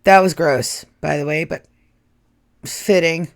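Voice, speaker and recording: Slow-spoken woman game master. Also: low voice, steady tone, vocal fry. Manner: slow, drawn-out gory narration. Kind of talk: narrating a tabletop game.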